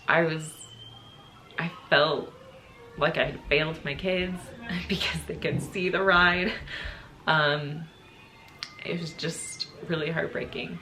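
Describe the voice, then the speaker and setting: A woman's voice: lowish voice, slow pace, pauses often, sharp tone, soft background music. A young woman telling a personal storytime to her channel, emotional and choking up as she talks. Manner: emotional, choking up and laughing through tears. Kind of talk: casual storytime.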